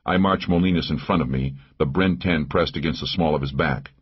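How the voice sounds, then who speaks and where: A man narrating a first-person thriller audiobook in a measured, even way. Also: extremely low pitch, breathy edge. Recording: dull lo-fi audio.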